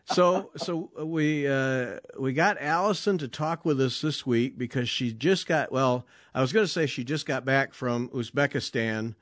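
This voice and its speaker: Male podcast host, casual and jokey, dry close mic, middle pitch. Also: measured pace, hardly any pauses, fairly bright tone, no room sound. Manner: chatty, jokey, with fillers and restarts.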